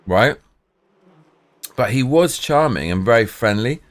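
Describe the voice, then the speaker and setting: A man's voice: medium pitch, animated, measured pace. A man streamer telling rambling, profane stories in casual chat, full of restarts and swearing.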